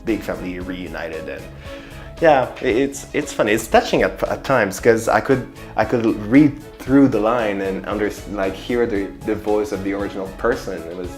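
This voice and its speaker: A man from French Canada with a strong Quebec French accent, speaking haltingly in an interview as a performer. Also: on the low side, reverberant, faint music behind. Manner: halting, restarts phrases often.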